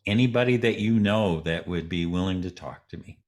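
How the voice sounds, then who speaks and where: This interviewee has a deep voice and talks fairly quickly. He spins a relaxed anecdote, imitating the people who appear in it.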